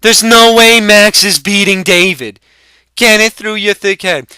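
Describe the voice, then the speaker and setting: A man doing a cocky young stoner who drawls out crude trash talk, high and slow. The tone is piercingly bright and smooth. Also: dry recording. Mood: smug.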